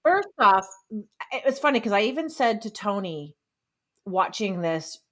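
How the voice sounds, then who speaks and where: A woman's voice: mid-range voice, sing-song, unhurried, a bit bright. Candid, laughing woman podcast guest. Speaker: podcast co-host. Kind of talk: casual comedic movie review chat.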